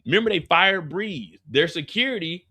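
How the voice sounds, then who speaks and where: A man's voice: high-pitched, normal speed, breathy edge. A man hosting a live after show, recapping an episode casually and acting out the characters' lines as he goes. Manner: animated storyteller, acts out characters' lines.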